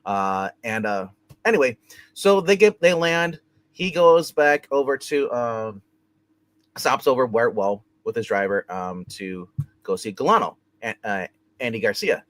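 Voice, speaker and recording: A man's voice: mid-range voice, expressive, measured pace, a bit bright. A man co-hosting a TV review show, recapping an episode in a rambling way full of fillers. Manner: rambling recap, heavy with fillers like "you know" and "like".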